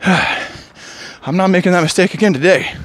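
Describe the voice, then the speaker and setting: A man's voice: sits high, measured pace, fairly bright tone. Rambling, sighing man musing alone. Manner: musing, digressive, sighs often. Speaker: vlogger. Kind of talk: rambling solo monologue.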